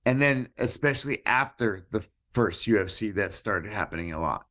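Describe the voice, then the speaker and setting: A man's voice: fairly low pitch, moderate pace. A man guesting on a podcast, telling a brawl story with lots of swearing and acted-out quotes. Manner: animated, swears often, acts out quoted voices. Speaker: podcast guest, jiu-jitsu black belt. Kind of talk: casual storytelling chat.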